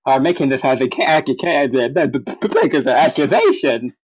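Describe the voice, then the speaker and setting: A woman's voice: rumbling low, expressive, normal speed, a little mellow, husky, exaggerated voice. A woman voicing a hesitant, over-polite office worker who stammers through her points in an improvised voice role-play. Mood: flustered.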